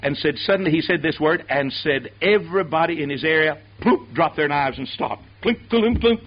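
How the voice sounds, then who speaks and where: A man's voice: on the high side, a little fast. A man preaching a sermon who calls on the congregation to answer him aloud. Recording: dull lo-fi sermon tape.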